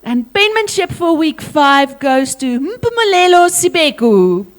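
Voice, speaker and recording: A high-voiced woman with a South African accent addresses a school assembly, commanding and playful. She calls pupils forward and drills them with energy. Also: big pitch swings, a little slow, background noise. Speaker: teacher leading a school assembly.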